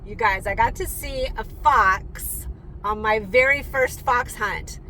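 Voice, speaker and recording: A young woman chats to her viewers with eager, rambling enthusiasm, scattering ums through her story. She is recorded outdoors, and clear traffic noise runs behind her voice. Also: fairly high pitch, takes it slowly, bright, forceful tone, low-quality recording. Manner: chatty and enthusiastic, with many ums. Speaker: vlogger and rider. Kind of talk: casual chat to camera.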